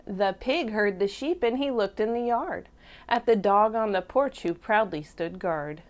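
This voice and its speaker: Female teacher reading a storybook aloud, lively pitch, slow and expressive. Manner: expressive, slow, questions to the children. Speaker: preschool teacher. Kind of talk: storybook read-aloud for toddlers.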